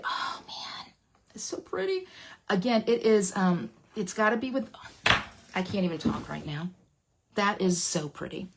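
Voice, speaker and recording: A woman leading a casual live papercraft demo, chatty, playful and excitable, often dropping into gushing whispers. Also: mid-range voice, creaky. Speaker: papercraft demonstrator.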